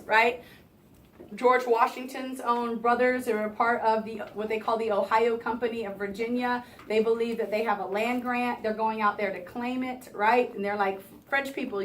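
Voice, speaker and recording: A woman teacher running a review lesson for her class, lively and chatty, pitched a touch high. She is recorded from across an echoey classroom, with faint room noise behind her. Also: far from the mic. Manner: lively, talks to students, keeps asking "right?". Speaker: history teacher.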